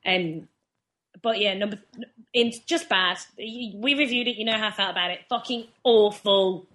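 A woman's voice: mid-range voice, moderate pace, a bit bright. A woman co-hosting a casual film review chat, teasing and sweary, pushing the others along. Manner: teasing, sweary, pushes the pace. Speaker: podcast co-host.

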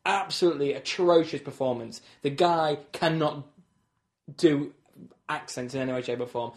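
A man co-hosting a casual film review chat, blunt and sweary, quick to mock the others. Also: a little high, darkish tone. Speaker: podcast co-host.

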